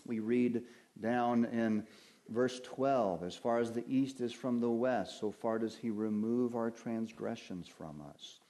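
A man preaching slowly, reading each verse with deliberate weight and pausing to put questions to his listeners. His voice is dark and mellow, at an ordinary pitch for a man. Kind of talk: sermon teaching from Scripture.

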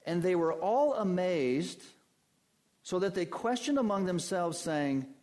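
A man preaching a sermon as pastor, emphatic and addressing his congregation directly, his delivery swinging from low and quiet to loud and high. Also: animated, unhurried.

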